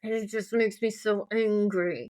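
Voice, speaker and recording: A woman's voice: mid-range voice, steady tone, unhurried, darkish tone. A woman co-hosting a podcast, casually recapping a TV episode, swearing freely and acting out quoted lines. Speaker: podcast co-host.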